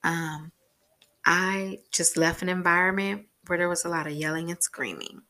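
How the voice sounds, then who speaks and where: A woman's voice: fairly low pitch, lively intonation, normal speed, bright, forceful tone. A woman talking frankly in a rambling personal vlog about parenting and communication, swearing casually. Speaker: parent vlogger.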